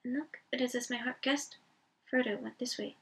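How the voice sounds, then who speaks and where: A woman voicing Aragorn, a grave, commanding male ranger, speaking in a measured way. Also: fairly high pitch, a bit bright, distant mic, natural voice, rough recording. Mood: urgent.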